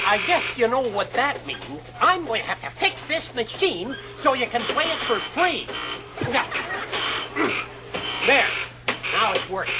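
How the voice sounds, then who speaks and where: A woman in a comedy sketch, talking in an animated, exclaiming way. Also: on the high side. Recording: noisy old TV recording.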